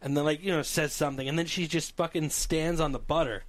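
A man hosting a podcast in a studio, telling stories in a casual, animated, joking way with crude language. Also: a little high, fast talker. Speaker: podcast host.

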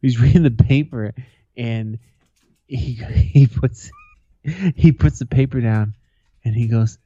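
A man co-hosting a casual podcast, his pitch leaping around as he tells loose, profane stories and breaks into laughter. His voice is mellow and dark. The sound is dry and a little dull, like a lo-fi home setup. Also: lively intonation, normal speed, pauses often, no room sound. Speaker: podcast co-host.

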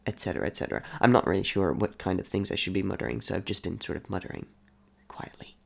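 A man's voice: sits low, fairly even intonation, fast talker, gravelly, whispered. A man recording voice lines, laughing at himself and chatting between takes. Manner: laughing, self-deprecating. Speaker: voice actor. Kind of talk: casual outtake chatter while recording lines.

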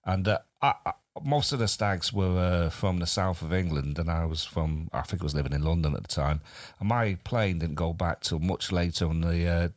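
A man's voice: sits low, moderate pace, no echo. A man co-hosting a comedy podcast, chatting casually and telling a rambling story. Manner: rambling storyteller, many restarts and fillers. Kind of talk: casual chat and anecdote.

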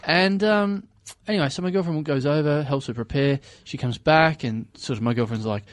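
A man hosting a podcast, telling stories in a casual, animated way and laughing often. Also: a little high, moderate pace, no room sound. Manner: animated storyteller, laughs often, acts out voices. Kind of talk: casual chat.

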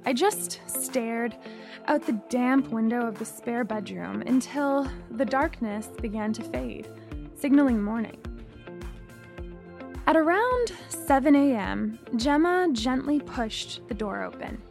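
A young woman reading a first-person story in a reflective, measured way. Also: a little high, expressive, gravelly, darkish tone, faint music behind. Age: young adult. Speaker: narrator.

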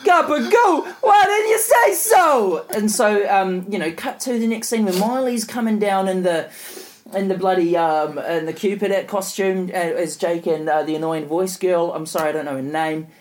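A man's voice: high voice, fairly even intonation, moderate pace, a little mellow. A man co-hosting a podcast, recapping an episode in a rambling, casual way full of fillers. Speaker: podcast co-host. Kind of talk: casual chat.

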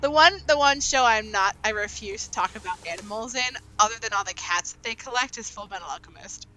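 A young woman hosting a casual group chat over an online call. She talks in an excitable, rambling way and laughs often. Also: mid-range voice, a little fast, a little hiss or hum, rough recording.

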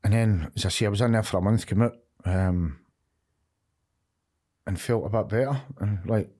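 A middle-aged Scottish man with a Glaswegian accent talks candidly as a podcast guest, swearing freely and often checking "you know what I mean." His voice is on the low side, mellow and slightly rough, brisk but broken by long pauses.

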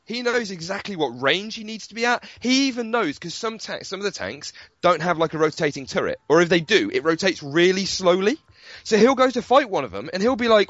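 A man's voice: sits high, a little fast, dry recording, lo-fi sound. A man chatting casually about video games on a podcast, telling stories with lots of swearing and laughter. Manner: animated storytelling with swearing and laughter. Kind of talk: casual gaming chat.

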